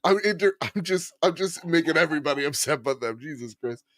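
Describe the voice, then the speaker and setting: Male co-host, casual gaming chat, laughs a lot, animated delivery, dry close mic. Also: fairly high pitch, a little fast, dry recording. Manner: laughing, joking, tries fake accents. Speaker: podcast co-host.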